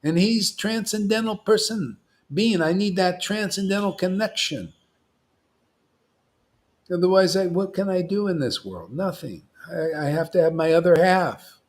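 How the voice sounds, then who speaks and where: A man's voice: sits high, unhurried. A man giving an informal devotional sermon as a spiritual teacher, rambling and emphatic, often acting out what imagined listeners say.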